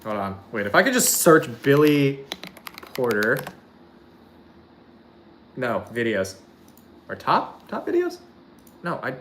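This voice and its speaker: A streamer talking loosely to their chat, voice swinging widely up and down in pitch. They ramble from one half-finished thought to the next, swearing freely and leaning on "like" constantly. The delivery is casual and unscripted. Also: wildly swooping pitch, slow pace, pauses often, a bit bright. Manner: rambling, swears often, heavy use of "like"; laughs while describing a clip.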